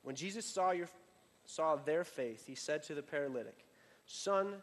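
Man, pastor, sermon, conversational, fillers and restarts, fairly high voice, long hall reverb. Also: animated, moderate pace. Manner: conversational, many fillers and restarts, building emphasis then dropping soft.

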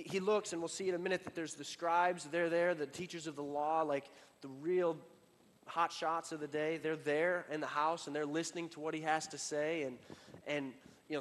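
A man preaching a sermon in a casual, conversational way, full of fillers and restarts, building up and then dropping to a quiet emphasis. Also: on the high side, in a large hall. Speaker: pastor.

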